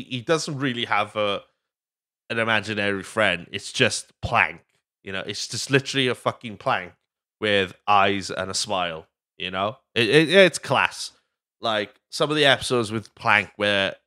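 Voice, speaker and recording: A man's voice: on the low side, bright, forceful tone, clean tone, no echo, clean studio sound. Rambling, jokey male podcast host. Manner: rambling and jokey, swears freely. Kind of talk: casual podcast chat.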